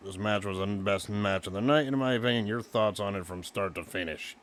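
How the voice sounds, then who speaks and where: A man co-hosting a casual wrestling review, excitedly recapping the match move by move. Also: fairly low pitch, a little fast. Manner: excited, recaps moves play by play. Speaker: podcast co-host.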